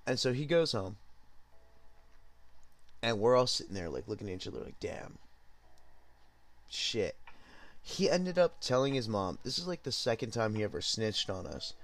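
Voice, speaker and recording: A young man hosting a podcast, telling a story in a rambling, profane, laid-back way while high. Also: big pitch swings, brisk. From Southern California. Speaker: podcast host. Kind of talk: casual storytelling.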